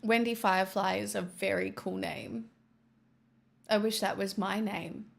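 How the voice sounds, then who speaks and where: A woman in a casual stream chat, her mid-pitched voice carrying a steady gravelly fry. She answers viewer messages with dry, sardonic asides and keeps tossing in "right?". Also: measured pace. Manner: wry and sardonic, peppered with "right?" and "truly". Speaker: streamer reading viewer donations.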